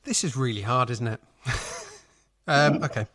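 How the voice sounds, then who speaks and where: A man's voice: medium pitch, moderate pace, fairly bright tone. A man chatting casually on an online call, hesitant and laughing. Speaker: podcast co-host, quiz contestant. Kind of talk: casual chat.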